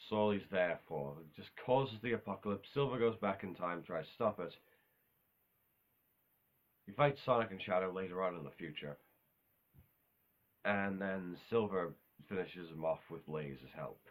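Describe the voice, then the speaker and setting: A man's voice: low voice, normal speed, long pauses. A man talking in a casual, unscripted monologue, rambling offhand with self-corrections and casual swearing. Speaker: video host ranking game villains.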